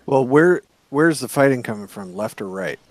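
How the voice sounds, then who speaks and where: A man's voice: medium pitch, expressive, moderate pace, no room sound. A man playing in a tabletop game, casual and decisive in his moves. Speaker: player.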